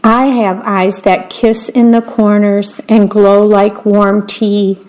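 A woman reading picture books aloud in a gentle manner, describing the pictures as she goes. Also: medium pitch, flat delivery, slow pace, poor audio. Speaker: read-aloud storyteller.

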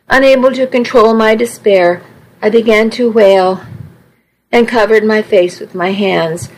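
A woman's voice: medium pitch, slow pace, a little mellow, rough recording. A woman reading a first-person story aloud with earnest, emotional storytelling. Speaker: audiobook narrator. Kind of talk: first-person scripted narration.

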